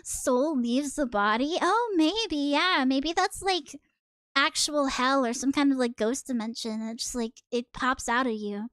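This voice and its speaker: A woman's voice: sits high, unhurried, fairly bright tone, no echo. Chatty young woman reacting to a manga. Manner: chatty, reactive, laughs easily. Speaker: VTuber streamer. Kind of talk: casual manga reading commentary.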